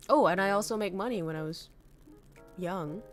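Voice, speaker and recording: A woman's voice: mid-range voice, moderate pace, soft background music. A young woman from northern Vietnam, candidly chatting with viewers as a streamer, swearing freely and laughing often. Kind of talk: casual chat reading viewer messages.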